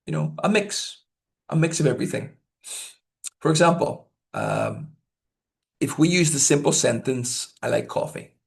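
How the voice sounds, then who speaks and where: A man working as a language test examiner, teaching learners in a deliberate way, often checking in with "okay?" and acting out example sentences to show stress and intonation. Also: medium pitch, gravelly. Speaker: IELTS examiner giving tips.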